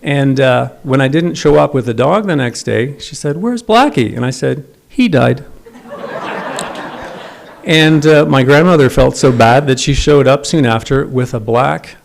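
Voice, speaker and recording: Middle-aged man, memorial eulogy, wry storytelling, gravelly voice, medium pitch. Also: a little slow, slight background noise. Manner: wry, self-deprecating storytelling. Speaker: son giving a eulogy. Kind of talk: memorial eulogy with humorous anecdotes. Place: memorial service.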